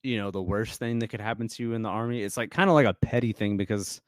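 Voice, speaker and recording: A man's voice: lowish voice, steady tone, quick pace, dry recording. A young man telling stories as a podcast guest in a casual, rambling way, full of fillers and restarts. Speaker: guest musician.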